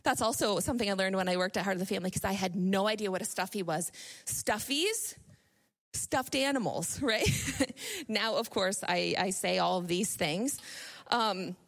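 A woman's voice: medium pitch, moderate pace, vocal fry. A woman in her thirties from Northern New York giving an informal, chatty sermon full of personal stories, laughing often and restarting her sentences. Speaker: speaker at a church gathering.

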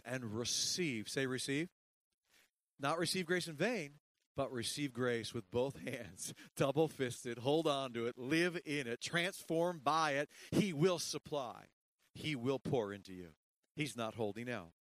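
A middle-aged man preaching a sermon as pastor, swinging between hushed lines and loud, emphatic calls to the congregation. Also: a little high, dry recording.

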